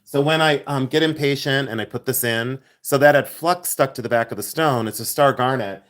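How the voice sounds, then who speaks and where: Chatty male craft host, rambling storyteller, mid-pitched voice, echoey workshop. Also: a little fast, fairly bright tone. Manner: chatty, rambling storyteller who goes on tangents. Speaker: silversmith livestream host. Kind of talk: casual chat while demonstrating jewelry making. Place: jewelry studio.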